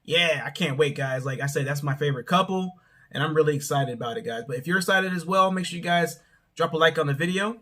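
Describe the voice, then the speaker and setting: A man's voice: on the high side, fast talker, sharp tone. A young man hosting his channel, giving a rambling, casual recap of a reality show and often hedging with "I don't know". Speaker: show reviewer, channel host.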